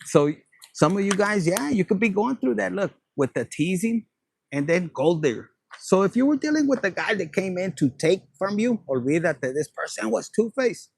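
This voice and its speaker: A man's voice: high-pitched, vocal fry, slightly rough, no echo. A man giving a casual tarot reading, playful and profane, dropping Spanish phrases. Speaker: tarot reader.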